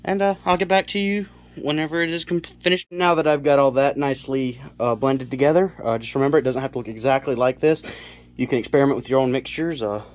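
A man's voice: mid-range voice, quick pace. Young man from South Carolina, casual reptile-keeper vlogger, rambling delivery, slightly winded. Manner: rambling, self-correcting, lots of fillers. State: slightly out of breath. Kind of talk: casual home-build tutorial. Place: cluttered bedroom at home.

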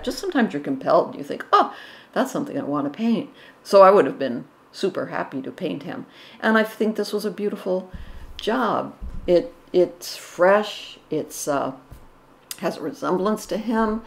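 A middle-aged woman with a low, creaky voice offers casual, enthusiastic commentary on paintings as an art commentary vlogger. She restarts often and gushes with praise.

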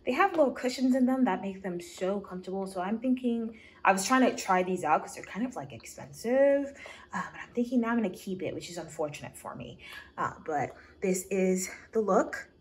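A woman's voice: medium pitch, expressive, a little fast, breathy edge. A woman in her twenties talking casually to her vlog camera, chatty and upbeat with a nervous edge. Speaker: vlogger.

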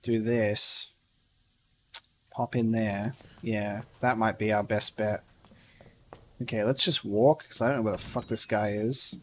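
A man streaming a horror game speaks unhurriedly in a fairly low, steady voice, with frequent pauses. Swearing is constant in his laid-back let's play commentary, he reads the in-game letters aloud, and the scares make him laugh and shout. The recording carries a little hiss or hum.

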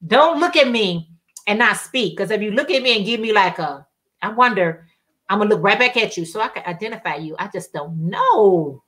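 A woman's voice: medium pitch, animated, normal speed, a bit bright. A woman hosting a casual crafting livestream, telling chatty stories in colloquial speech and reading viewer comments aloud.

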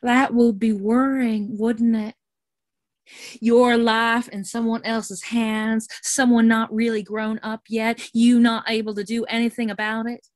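A man's voice: very high voice, little pitch movement, unhurried, no room sound, clean studio sound, pitched above the performer's own voice. A woman voicing a smug boyish pilot. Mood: teasing. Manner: smiling, teasing. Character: too-young man posing as pilot, smug.

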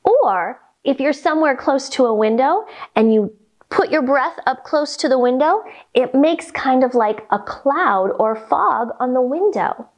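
A woman's voice: sits high, animated, a little slow, dull audio. A young woman leading a guided yoga storytime for children, cheerful and encouraging as she talks young kids through each pose. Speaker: kids' yoga teacher.

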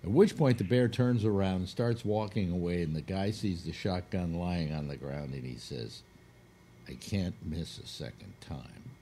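A man's voice: low-pitched, normal speed, hardly any pauses, mellow, slight background noise. A man hosting a casual radio talk show, telling a long crude joke with acted-out quotes. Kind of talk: casual radio chat, storytelling.

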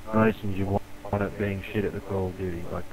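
A man's voice: low-pitched, little pitch movement, quick pace, gravelly, a crowd in the background, rough recording. A man taunting and abusing another player in online game voice chat. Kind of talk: heated voice chat.

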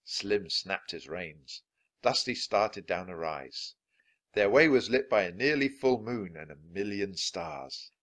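A man reading a children's chapter book aloud, clear and deliberate for learners of English. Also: lowish voice, expressive, fairly bright tone. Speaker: storybook reader.

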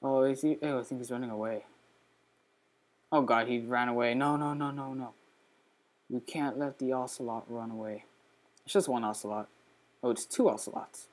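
At his computer, a man hosts a let's play, chatting casually and excitedly about the game at a measured pace. Every so often he breaks into sudden high squeals.

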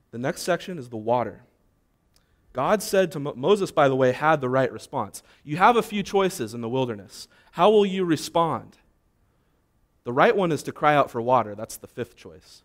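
A pastor preaching to his congregation in an easy, conversational way. He asks the listeners direct questions and slips into short acted-out complaints to make his point. His voice sits at an ordinary middle pitch. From United States. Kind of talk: sermon.

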